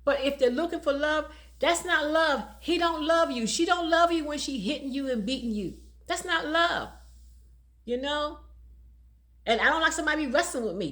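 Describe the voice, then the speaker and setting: A woman's voice: high voice, lively intonation, unhurried, pauses often, pushed and bright. A woman in her sixties, a domestic violence advocate speaking casually to the camera, emphatic and preachy and laughing often between her points.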